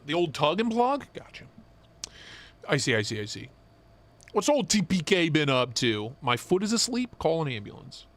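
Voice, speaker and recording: A young man co-hosting a live stream, chatting casually and swearing as he jokes and gets excited. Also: a little high, moderate pace, pauses often. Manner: excited, profane, joking. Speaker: knife show co-host.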